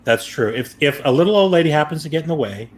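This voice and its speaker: A man hosting a casual chat show, telling a long story in a rambling way and acting out his own panicked shouts. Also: on the high side, lively intonation, fast talker. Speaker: show host.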